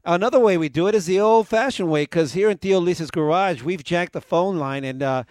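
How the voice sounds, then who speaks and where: A man co-hosting a casual podcast from a home garage studio, joking loosely and filling pauses with "uh". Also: high-pitched, a little mellow, no echo. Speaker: podcast co-host.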